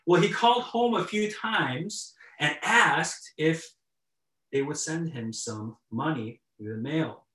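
Male pastor, slightly high voice, casual storytelling sermon, echoey room, set back from the mic. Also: takes it slowly, far from the mic. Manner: conversational, warm storytelling with chuckles and repeated starts.

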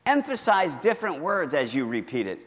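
A man's voice: fairly high pitch, wildly swooping pitch, fairly bright tone. Earnest man teaching in a reverberant hall. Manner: earnest, encouraging, often slows to stress words. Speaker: pastor teaching Bible reading. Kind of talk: teaching talk from a handout.

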